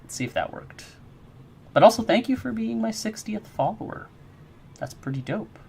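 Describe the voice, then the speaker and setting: Gravelly, lively-voiced man chatting on stream. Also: sits high, normal speed, a little hiss or hum. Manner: chatty, rambling, answers chat messages; friendly and encouraging. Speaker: game developer streaming his work. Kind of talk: casual live-stream chat with viewers.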